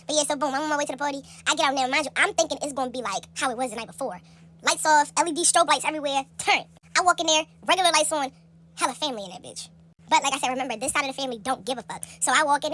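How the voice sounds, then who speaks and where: A young woman with a high, bright voice rattles through a casual storytime at breakneck speed. She is animated and profane, full of slang, and jumps into a squeaky register to act out the people in her story. A phone held close picks her up.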